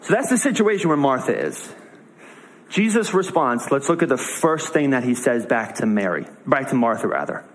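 A man's voice: mid-range voice, sing-song, normal speed, slight background noise, low-quality recording. A young man preaching in a casual, conversational way, retelling a story with voiced asides. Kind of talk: casual sermon.

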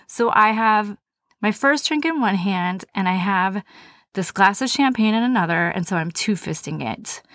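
A woman's voice: medium pitch, lively intonation, moderate pace, fairly bright tone, no room sound. Woman podcaster telling her own story, honest and chatty, pokes fun at herself, mid voice, dead dry sound. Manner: candid, conversational, self-deprecating. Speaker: podcast host. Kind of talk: personal storytelling monologue.

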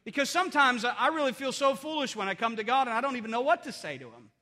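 A man's voice: very high voice, expressive, fast talker, bright, forceful tone. A middle-aged man preaching a sermon as pastor, earnest and conversational, often restarting his phrases. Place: church sanctuary. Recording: long hall reverb.

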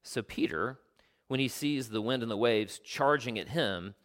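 Preaching with lively intonation at a medium pitch, the pastor mixes animated storytelling with explanations of the Greek text. For emphasis, his voice turns quiet and slow.

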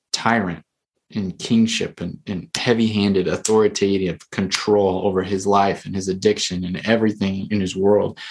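A man with a fairly low voice talks casually on a podcast, rambling through a story. He fills it with "like" and "you know" and restarts his sentences as he goes. He sounds like a therapist chatting with a friend.

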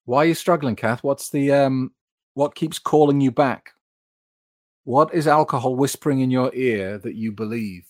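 With medium pitch and a normal pace, a British streamer chats candidly with his audience and reads their comments, his speech casual and full of fillers.

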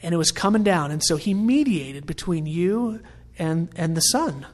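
A man's voice: fairly high pitch, expressive, moderate pace. A middle-aged man preaching a sermon in a conversational, storytelling way. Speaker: pastor.

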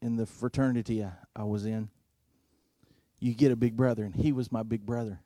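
A man preaching a storytelling sermon, earnest, moving between loud emphasis and hushed, intimate passages. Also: mid-range voice, steady tone, a little fast, dry recording, studio quality.

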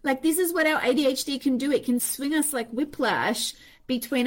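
A woman's voice: sits high, moderate pace. A woman hosting a podcast in a candid, casual monologue, swearing freely and acting out her own inner voices. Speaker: podcast host.

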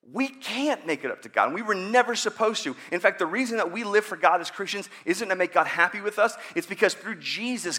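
A man's voice: high voice, bright, forceful tone. A man in his thirties preaching a sermon in a conversational, joking way, acting out prayers. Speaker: pastor.

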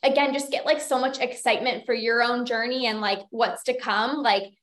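A woman's voice: a little high, fairly even intonation, normal speed, fairly bright tone. A young woman hosting a solo podcast, chatty and encouraging, full of "like" fillers, as a binge eating coach. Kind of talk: casual solo podcast talk. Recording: roomy echo.

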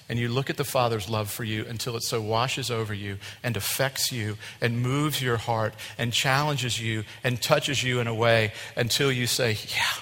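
Middle-aged male pastor, bright forceful sermon voice, big reverberant hall, mic'd for an impassioned sermon. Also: medium pitch. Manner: impassioned, swings from loud to hushed. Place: church. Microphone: wearing a mic. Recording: long reverb of a large hall.

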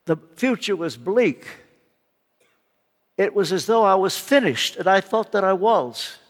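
An older man delivers an earnest, emphatic sermon. He speaks slowly, leaving room between his phrases, and his voice sits high for a man. A long reverb from a large hall hangs after each line. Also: sing-song. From United States. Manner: earnest personal testimony, slow and emphatic. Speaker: guest preacher.

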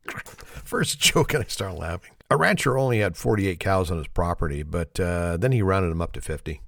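A man's voice: sits low, lively intonation, normal speed, gravelly, fairly bright tone, dry recording, studio quality. A man hosting his own podcast in a casual comedic monologue, chuckling at his own dad jokes in his morning voice. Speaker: podcast host.

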